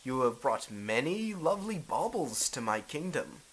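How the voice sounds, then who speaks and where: A man voicing a scheming feudal lord in a tabletop role-play game, with slow, measured speech and amused laughs. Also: mid-range voice, big pitch swings, slightly rough, pitched above the performer's own voice, poor audio. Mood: smug. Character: scheming male feudal lord, smug and confident.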